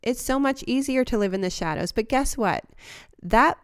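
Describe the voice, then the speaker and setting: A woman hosting a podcast who talks in an earnest, heartfelt, reflective monologue and sometimes laughs softly or restarts a phrase. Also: on the high side, expressive, moderate pace, clear, resonant tone, no echo, studio quality. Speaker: podcast host.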